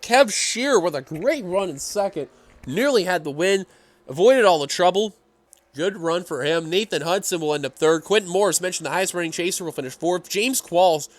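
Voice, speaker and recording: A man doing play-by-play commentary on a simulated stock car race, excitable and running out of breath. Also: high voice, dry recording. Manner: excitable, builds to shouting at the finish. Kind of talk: sim racing play-by-play commentary.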